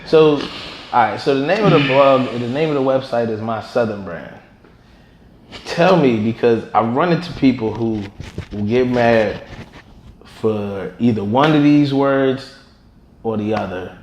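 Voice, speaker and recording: A man hosting a casual interview, asking curious questions and often chiming in with quick agreement. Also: medium pitch, expressive, a little mellow, echoey room, slight background noise. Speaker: interview host.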